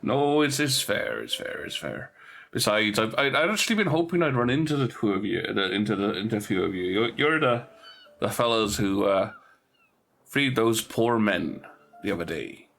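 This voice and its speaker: Man doing a gravelly, folksy old farmer. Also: on the low side, very animated, moderate pace, fairly bright tone, faint music behind, heavily acted. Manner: folksy, hesitant, polite. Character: honest middle-aged male farmer and ex-soldier.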